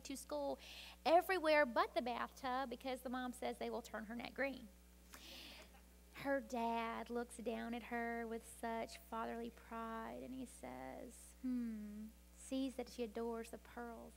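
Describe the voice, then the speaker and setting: A woman speaking from a stage at a women's event, telling a parable with dramatic pacing and hushed whispers, then urging listeners to change. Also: fairly high pitch, gravelly, slight background noise. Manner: dramatic storytelling, dropping to hushed whispers for tender moments. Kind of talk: inspirational talk with storytelling.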